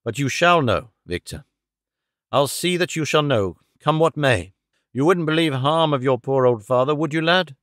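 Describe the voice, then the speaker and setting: A man voicing an anxious older father who talks in a soft, nervous, pleading way. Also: on the high side, moderate pace, no echo, clean studio sound, close to an everyday voice. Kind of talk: audiobook character reading.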